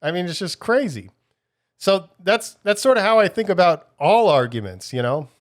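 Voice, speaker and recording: A man's voice: high-pitched, very animated, normal speed. A man hosting a podcast alone, talking casually and thoughtfully, with frequent restarts and filler as he muses. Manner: rambling, many restarts, musing. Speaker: podcast host. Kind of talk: casual solo podcast talk.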